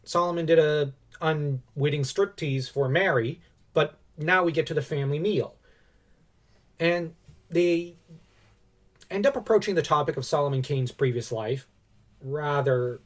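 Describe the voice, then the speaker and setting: A man hosting a podcast, retelling a movie scene in a rambling, chatty way. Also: on the high side. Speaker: podcast host. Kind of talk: casual movie review chat.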